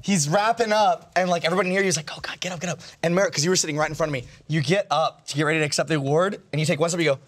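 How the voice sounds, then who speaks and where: A man's voice: a little high, racing, hardly any pauses. A man telling a workplace story with many fillers, rambling and playful. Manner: rambling with lots of likes, playful. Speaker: coworker.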